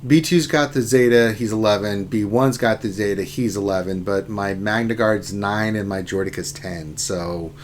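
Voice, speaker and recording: A man hosting a casual gaming livestream, talking through his game, with loud exclamations and laughter. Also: on the low side, moderate pace, few pauses, a little hiss or hum. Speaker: livestream host.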